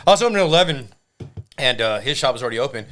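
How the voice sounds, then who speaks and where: A man, telling tattoo shop stories in casual chat, loud and profane when acting out quotes. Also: medium pitch, animated. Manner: fast, profane storyteller with loud acted-out quotes. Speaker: tattoo artist.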